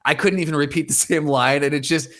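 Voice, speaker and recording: A man's voice: a little high, fairly even intonation, quick pace, fairly bright tone. A man co-hosting a podcast, telling rambling stories in casual chat. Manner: rambling storyteller, many restarts and fillers. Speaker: podcast co-host.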